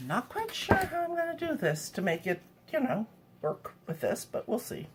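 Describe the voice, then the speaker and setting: A woman's voice: on the high side, wildly swooping pitch, normal speed, very noisy. A woman chatting wryly to camera in her home kitchen while she cooks, with jokey asides. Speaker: home cooking vlogger. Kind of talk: casual cooking demo chat.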